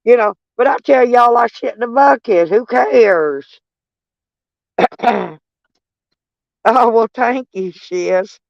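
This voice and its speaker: A woman's voice: fairly high pitch, slow pace, vocal fry, long pauses, no echo, highs cut off. A woman, chatting to her viewers from inside her van in a rambling, folksy and salty way. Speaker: vlogger. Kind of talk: casual rambling chat to viewers.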